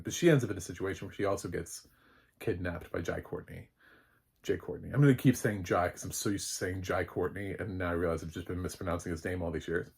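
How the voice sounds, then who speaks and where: A man's voice: deep voice, husky. A man giving a casual, rambling spoken film review, chatty with lots of fillers. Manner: rambling and chatty, with many fillers and light laughs.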